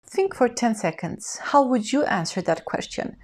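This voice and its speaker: A woman teaching English in a scripted lesson, speaking in a clear, even instructional way and modeling example phrases for the learner. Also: fairly high pitch, moderate pace.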